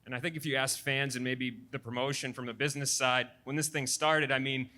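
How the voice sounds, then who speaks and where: Rambling male interviewer, bright voice. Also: medium pitch, fairly even intonation, a little fast. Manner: rambling questions with restarts. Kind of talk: post-fight interview questions.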